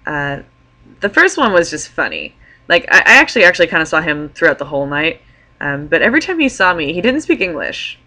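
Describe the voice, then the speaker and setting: A woman's voice: low voice, very animated, fairly quick, pushed and bright. A young woman vlogger telling a story to her camera in a casual, chatty way, full of "like" fillers.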